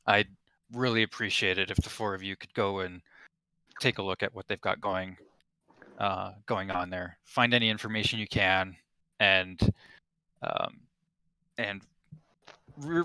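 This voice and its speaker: A man voicing a steady male rebel leader giving orders in a tabletop game. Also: lowish voice, dry recording. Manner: briefing with hesitations, plain and direct. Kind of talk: tabletop role-play voice.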